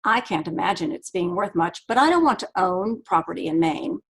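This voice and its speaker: Woman reading a brisk, worn-out woman who cuts calls short; husky, clipped. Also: lowish voice, animated, heavily acted. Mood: curt. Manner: clipped, dismissive replies. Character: weary woman, curt and brisk.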